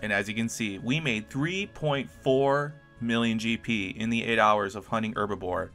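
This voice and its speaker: A man with a bright, clear voice hosts his own gaming video, talking through the results in a relaxed, chatty way. He sounds upbeat and enthusiastic, with soft music playing behind him. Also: fairly low pitch, moderate pace. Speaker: gaming YouTuber. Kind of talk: casual gameplay commentary.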